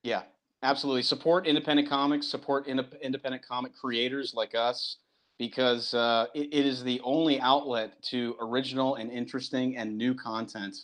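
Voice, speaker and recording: A man's voice: mid-range voice, a little fast. A man, a comic book creator and guest, chatting animatedly and acting out movie lines as he talks. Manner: animated, acts out movie lines, restarts often. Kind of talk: casual interview chat.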